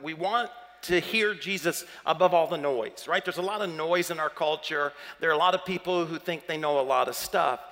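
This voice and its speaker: A man's voice: fairly high pitch, pushed and bright, in a large hall. A man with a Southern accent preaching a sermon as pastor, chatty and playful, quizzing the congregation.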